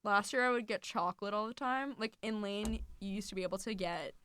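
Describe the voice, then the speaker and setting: A woman's voice: mid-range voice, brisk, a bit bright, clear, resonant tone. A young woman co-hosting a college radio show, chatting casually and giggling, with lots of "like". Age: young adult. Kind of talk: casual chat. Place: studio.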